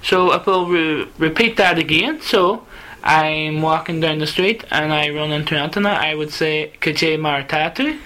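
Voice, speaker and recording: Host for a casual language lesson: a man with a bright, slightly high voice who guides with questions. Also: moderate pace, poor audio. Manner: asks guiding questions, repeats phrases back. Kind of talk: casual teaching dialogue.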